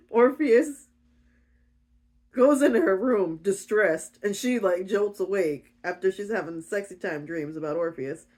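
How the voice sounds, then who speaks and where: A woman's voice: mid-range voice, expressive, slow, pauses often, darkish tone. A woman giving a casual, giggly, chatty recap of a romance novel. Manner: giggly, chatty, with frequent fillers. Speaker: book reviewer.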